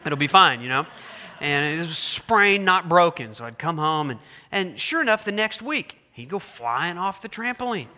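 A pastor from Oklahoma preaching a sermon, telling lively stories that build up and then turn earnest. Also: male voice, high-pitched, normal speed, hardly any pauses. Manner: animated storyteller, builds excitement then drops to earnest. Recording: long hall reverb.

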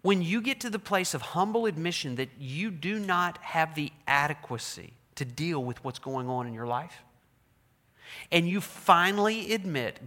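A man preaching a sermon as pastor, swinging between quiet, low lines and loud, raised cries when voicing prayers. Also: lively intonation, moderate pace, big-room sound. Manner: preaching with dramatic voiced prayers, rising and dropping loudness.

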